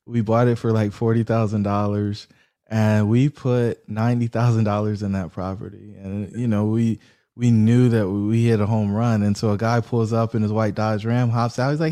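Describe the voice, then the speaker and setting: A real estate investor appearing as a podcast guest tells stories in a warm, low voice at normal speed. He's animated, acting out the dialogue he quotes.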